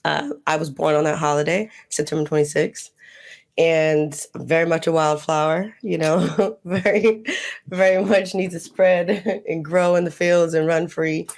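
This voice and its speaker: A woman talks about herself as a podcast guest, her voice carrying a gravelly edge. She lingers on words and laughs easily. The conversation feels relaxed and personal. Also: deep voice. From United States. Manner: reflective, laughs often, speaks with slow deliberate emphasis. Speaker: guest, holistic healer.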